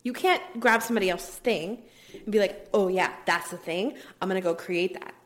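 A woman's voice: medium pitch, moderate pace. A woman hosting her own podcast, talking casually and upbeat, with lots of "like" fillers and the odd drop into a whisper. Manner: chatty, upbeat, many "like" fillers, drops into whispers at times. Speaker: podcast host. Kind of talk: casual solo podcast talk.

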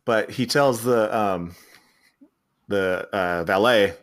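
Slow-paced and on the low side, this co-host speaks with a Philadelphia accent on a relaxed film podcast. He retells the movie's plot in a meandering way, with plenty of laughter and restarts.

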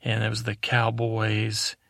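A man's voice: lowish voice, completely flat delivery, slow pace, vocal fry, fairly bright tone, dry recording, studio quality, full character voice. A man voicing a curt, moody swamp creature. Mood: guarded. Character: moody male swamp creature, touchy and guarded.

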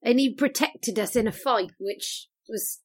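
A woman's voice: on the high side, unhurried, husky. A woman playing at a tabletop game, cheerful and chatty. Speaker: player. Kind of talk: tabletop role-play.

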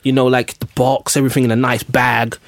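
A man's voice: mid-range voice, little pitch movement, brisk, creaky, no room sound, studio quality. A man hosting a casual podcast chat, cutting in with teasing jokes and telling his own stories. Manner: joking interjections, teasing.

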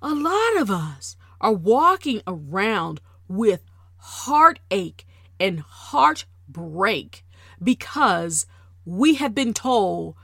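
A woman hosting a casual monologue, emphatic and deliberate, repeating words to drive her point home. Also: medium pitch, sharp tone, no room sound, clean studio sound. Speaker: podcast host.

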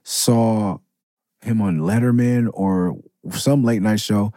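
A man's voice: lowish voice, slow pace, mellow, dry recording, clean studio sound. A man hosting a podcast, telling casual, rambling stories with plenty of swearing and side remarks. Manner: loose, profane, rambling with asides. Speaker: podcast host. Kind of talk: casual storytelling.

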